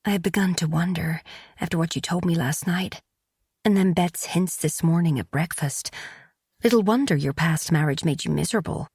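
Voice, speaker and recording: A gentle young lady of the nobility with a husky voice, as a woman narrator puts her on. She speaks softly and quietly with plain sympathy. The voice is low and close in a dry recording. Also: moderate pace, no echo. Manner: soft and quiet.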